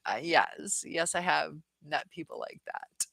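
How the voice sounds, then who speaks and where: A woman's voice: deep voice, a little slow, creaky, a bit bright, dry recording. Chatty woman, dry close sound. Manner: chatty, laughs often, many fillers and restarts. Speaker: host answering viewer comments. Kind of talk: casual live-stream talk.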